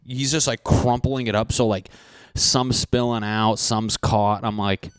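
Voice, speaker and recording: A man's voice: on the low side, little pitch movement, measured pace, smooth, dry recording, studio quality. A young man hosting a podcast, ranting profanely and animatedly in a solo comedic monologue, often mocking people in put-on voices. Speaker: podcast host.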